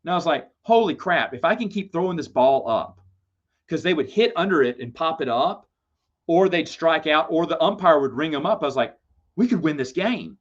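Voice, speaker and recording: A man's voice: fairly high pitch, lively intonation, normal speed. A man hosting a live Q&A stream, telling a long, rambling anecdote with self-deprecating humor. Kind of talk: casual storytelling on a livestream. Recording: slightly dull lo-fi stream audio.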